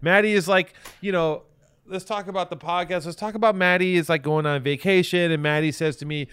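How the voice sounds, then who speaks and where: Smooth-voiced man ranting on a podcast. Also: sits high, fairly even intonation, brisk, fairly bright tone. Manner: profane, combative, ranting. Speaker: podcast co-host. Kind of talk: casual banter.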